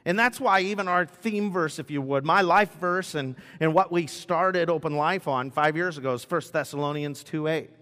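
A middle-aged male pastor with a fairly high voice gives a chatty, joking sermon. He restarts his sentences often and drifts into family stories. His voice trails off into the long reverb of a church sanctuary. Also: moderate pace, few pauses, fairly bright tone. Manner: chatty and humorous, with frequent restarts. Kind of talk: conversational sermon.

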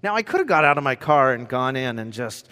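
A male pastor delivering a sermon through personal stories, swinging between loud, animated moments and hushed ones. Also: mid-range voice, fairly quick. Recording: long hall reverb.

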